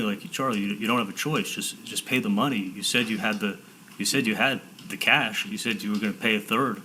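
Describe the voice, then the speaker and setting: Testifying as the defendant in court, a man with a low-pitched, bright and forceful voice retells conversations in stop-start bursts, often restarting and repeating himself. Faint hiss from the room sits in the background of this poor-quality audio.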